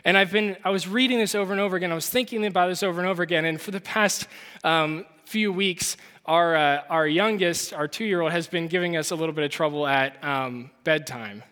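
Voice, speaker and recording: A man with a high, bright voice preaches in an earnest, conversational way, circling back and checking in with his listeners. His words ring out with a long reverb, as in a church hall. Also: a little fast. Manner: earnest, conversational, with restarts and rhetorical "right?". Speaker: pastor. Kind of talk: sermon.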